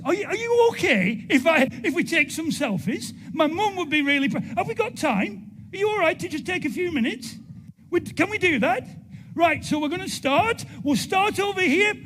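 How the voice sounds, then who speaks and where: A British man delivers a ceremony speech from a podium. His voice sits very high and swings up and down a lot. He mixes playful asides with measured, formal oratory in a large hall. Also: very animated, a bit bright, a little hiss or hum. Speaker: graduation ceremony speaker.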